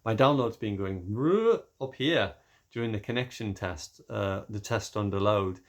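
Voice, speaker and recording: A man with a voice that is going hoarse, chatting casually in a rambling vlog about his internet connection troubles. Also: on the low side. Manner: rambling, frustrated tech explaining. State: losing his voice. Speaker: gaming vlogger.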